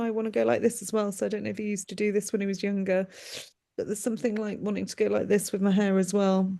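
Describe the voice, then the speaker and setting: A woman from the UK giving a live mediumship demonstration, chatty and animated, laughing often as she relays messages. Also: mid-range voice. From United Kingdom.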